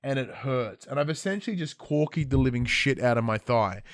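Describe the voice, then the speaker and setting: A man's voice: mid-range voice, brisk, no room sound, studio quality. An Australian man in his thirties hosting a podcast, chatting casually and acting out quotes as he tells stories. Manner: animated storytelling with acted-out quotes. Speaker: podcast host. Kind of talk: casual chat.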